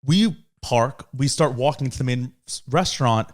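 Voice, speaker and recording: This young man, a podcast co-host, speaks in a mid-range voice at normal speed while casually telling a story. He animates the retelling by acting out the quoted voices of its characters.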